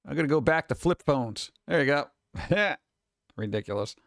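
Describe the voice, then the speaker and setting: A man chatting casually on a stream, reading headlines and memes aloud and answering them with sarcastic, animated asides. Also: on the high side, normal speed, gravelly, no echo, clean studio sound. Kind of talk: casual live-stream chat.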